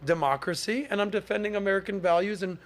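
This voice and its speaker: Host type, forties, man, slightly high voice, animated storyteller who slips into mock voices for quotes. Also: fast. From Miami area. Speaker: podcast host. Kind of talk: casual storytelling monologue.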